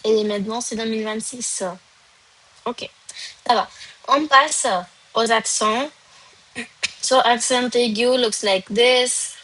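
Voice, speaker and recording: A woman teaches a live online French lesson at an unhurried, deliberate pace, moving between English and French. Her voice sits a little high, and she calls on students from the chat one by one. French is not her first language. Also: steady tone, fairly bright tone, low-quality recording. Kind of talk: live online doubt-solving class.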